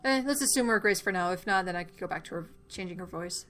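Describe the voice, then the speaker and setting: A woman's voice: lowish voice, expressive, fast, hardly any pauses, a bit bright, soft background music. A woman streamer reading visual novel dialogue aloud, swearing casually and cutting in with her own asides. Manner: swears casually, jumps between voices and asides.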